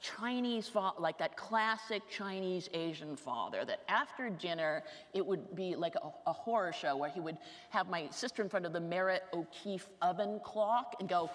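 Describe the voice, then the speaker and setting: A woman around sixty telling comic stories on stage, fast, animated and self-mocking. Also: fairly low pitch. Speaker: author giving a talk. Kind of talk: comic storytelling talk on stage. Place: large lecture hall. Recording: reverberant hall with faint noise.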